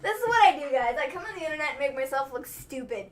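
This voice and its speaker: A woman's voice: high-pitched, expressive, fast talker. A young woman co-hosting a casual livestream recap, giggling often and teasing, trailing off into fillers. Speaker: wrestling livestream co-host.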